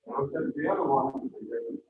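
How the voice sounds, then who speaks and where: A man shares a halting family anecdote in a raised voice that swoops up and down. The sound is thin like a phone line and heavily echoed, with faint noise underneath. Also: a little high, very animated. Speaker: class member. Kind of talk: casual anecdote. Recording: tinny, very echoey, from afar.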